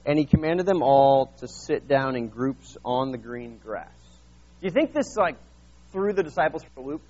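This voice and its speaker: A man preaching a sermon, retelling Bible scenes in a lively, casual way and acting out the characters. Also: mid-range voice, moderate pace, muffled recording. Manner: animated, acts out Bible scenes in casual voices. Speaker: pastor.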